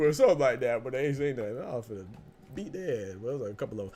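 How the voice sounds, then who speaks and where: A man's voice: medium pitch, racing. Slangy, laughing male podcast host. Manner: animated, laughs through his story, slangy. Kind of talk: casual storytelling and live chat.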